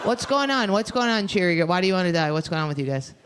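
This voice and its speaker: A woman's voice: fairly low pitch, lively intonation, fast talker. A young woman doing a stand-up comedy set, brash and crude, chatting with the audience from a club stage. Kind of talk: stand-up set with crowd work. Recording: noisy live club recording. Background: audience laughter.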